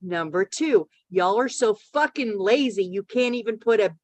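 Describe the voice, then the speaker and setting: A woman's voice: mid-range voice, lively intonation, normal speed, darkish tone. A middle-aged woman co-hosting a casual chat, ranting with lots of swearing. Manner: ranting, profane, laughing. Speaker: podcast co-host.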